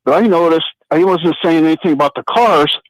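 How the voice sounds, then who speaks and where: A man's voice: on the high side, brisk, dry recording, poor audio. A man calling in to a talk radio show, telling his story in a plain, matter-of-fact way. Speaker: caller. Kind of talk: call-in talk radio chat.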